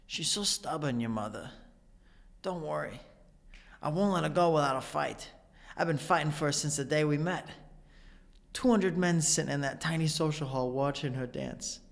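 A man imitating an aging father, proud and wistful, with halting, oddly paced phrasing. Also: a little high, vocal fry, big-room sound.

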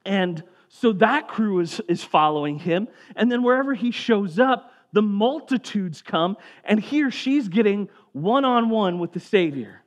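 A male pastor delivers a sermon in an easygoing, conversational tone. His voice sits a touch higher than most men's. When he reads scripture aloud, he drops low and quiet. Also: animated, a little slow, hardly any pauses.

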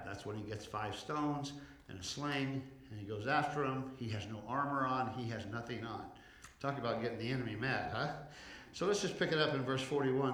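Male pastor, mid-pitched, preaching with slow emphatic build-ups, reverberant church. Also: a bit bright. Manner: preaching with rising intensity, slowing for emphasis; calls for congregation response. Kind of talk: sermon.

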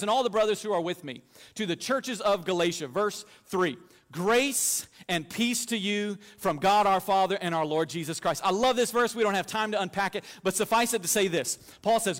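A man with a notably high voice delivers a sermon as pastor, telling lively stories and slipping in jokes. His voice rings out with a long hall reverb behind it. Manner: animated storytelling with humor.

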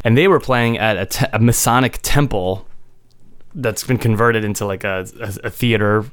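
Smooth-voiced man telling a rambling story. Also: fairly low pitch, normal speed, a bit bright, no echo. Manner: rambling, full of restarts and chuckles. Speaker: podcast co-host and gigging musician. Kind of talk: casual storytelling chat.

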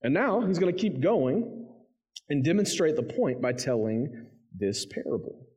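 A man's voice: a little high, sing-song, measured pace, darkish tone, husky. Conversational male pastor preaching. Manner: conversational, emphatic, reads scripture then explains it. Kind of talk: sermon.

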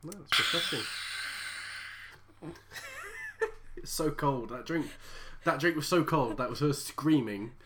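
A woman's voice: very deep voice, slow, long pauses, noisy background. A woman co-hosting a podcast in casual chat, teasing and laughing often. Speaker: podcast co-host.

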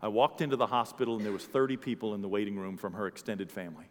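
A man preaching a sermon as a pastor, telling a story and swinging from quiet to loud. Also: fairly low pitch, racing, big-room sound.

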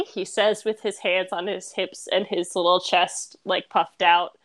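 A woman running a tabletop game as game master, narrating in a lively, chatty way. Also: lowish voice, unhurried, few pauses, dry recording. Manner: lively, chatty, with laughs and fillers.

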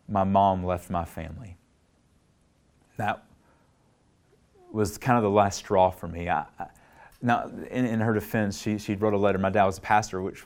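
A middle-aged man preaching a sermon, earnest, rising to emphatic peaks and then dropping low and soft when he tells his own story. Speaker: pastor.

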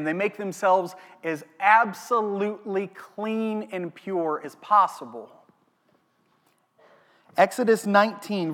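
A man preaching a sermon as a pastor, animated, asking the congregation questions. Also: sits high. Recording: long hall reverb.

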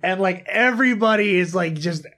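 A man with a slightly raised pitch chats casually in a group, animated and quick to swear. He retells scenes with gusto and reads lines aloud in a steady rhythm. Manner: animated, swearing, quotes lines in dramatic voices.

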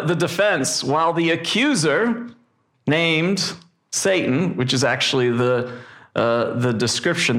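A male pastor preaching a sermon in a reflective way, pausing often with fillers. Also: on the high side, fairly bright tone.

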